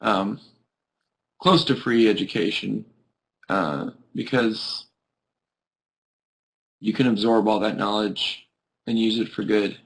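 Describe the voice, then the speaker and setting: A man's voice: fairly low pitch, slow, vocal fry, long pauses, fairly bright tone, rough recording. A sleepy young man hosting a live video chat, chatting casually with viewers in a rambling way full of "like". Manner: rambling, peppered with "like". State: sleepy, yawning.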